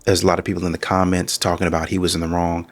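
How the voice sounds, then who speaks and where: A man with a very low voice comments on a clip. He lays out his view calmly and explains his reasons. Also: very fast. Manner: calm, reasoned arguing. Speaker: reaction channel host. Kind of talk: reaction commentary.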